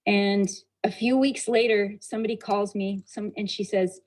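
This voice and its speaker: Expressive woman telling a personal story. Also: medium pitch, normal speed, few pauses, rough recording. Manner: expressive storyteller, shifting pace and loudness, laughing at herself. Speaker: motivational speaker. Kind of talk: personal storytelling talk to an audience.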